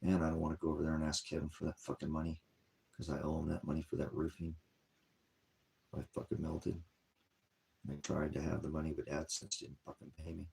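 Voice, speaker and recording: With a husky, gravelly bass and a completely flat delivery, this online ministry host talks fairly quickly but leaves long pauses, his tone a little mellow. It's a loose, rambling vlog about his troubles, full of weary sighs and wandering subject changes.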